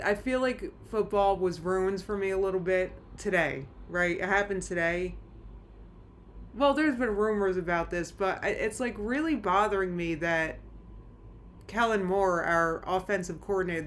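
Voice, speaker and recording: A woman's voice: lowish voice, slight background noise. A woman streaming from home, chatting casually with her live chat in a rambling, anxious way, full of restarts. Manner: rambling, anxious, many restarts and nervous laughs.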